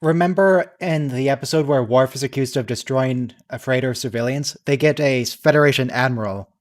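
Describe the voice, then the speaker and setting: A man in a relaxed group chat, cracking jokes and mimicking lines in a mock voice. His pitch sits in a middle register. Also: brisk. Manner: joking, acts out characters' lines mockingly. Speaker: watch-along participant. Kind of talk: casual chat over a voice call.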